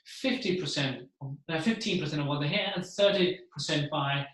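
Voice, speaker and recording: Brief: male keynote speaker, animated, slightly high voice, very echoey room. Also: normal speed. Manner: animated, acts out the voices he describes. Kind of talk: seminar talk to an audience.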